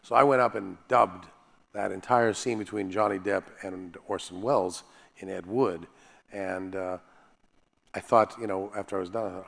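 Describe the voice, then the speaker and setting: A man, a voice actor and panel guest, telling animated, self-deprecating stories with frequent restarts. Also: low voice, normal speed, creaky, in a large hall. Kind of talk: animated anecdotal storytelling.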